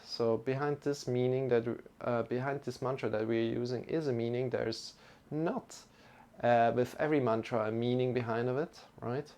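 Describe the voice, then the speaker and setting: A man teaching a live-streamed yoga class, giving calm, gentle instructions and greeting viewers in the chat. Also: mid-range voice, moderate pace.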